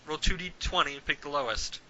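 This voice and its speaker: A man's voice: fairly high pitch, fast, poor audio. A man narrating as dungeon master in a tabletop game, with plenty of hesitant fillers. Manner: animated, hesitant fillers, puts on shouted voices for figures.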